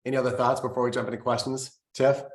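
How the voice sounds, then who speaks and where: A man's voice: medium pitch, level tone, quick pace, reverberant. A man co-hosting a casual business coaching call, joking easily. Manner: easygoing, jokey.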